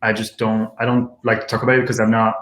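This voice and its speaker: A man's voice: lowish voice, monotone, fast talker, fairly bright tone. A man of about thirty from France with a French accent, talking candidly as an interview guest, joking and laughing often. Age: around 30. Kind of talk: casual interview chat. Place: home kitchen. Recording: roomy home kitchen sound.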